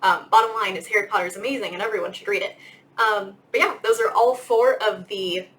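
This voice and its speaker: A woman's voice: mid-range voice, fairly even intonation, a little fast, fairly bright tone, low-quality recording. Chatty young woman teaching grammar. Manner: chatty, lots of "like" and "um". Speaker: English teacher. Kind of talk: casual video lesson.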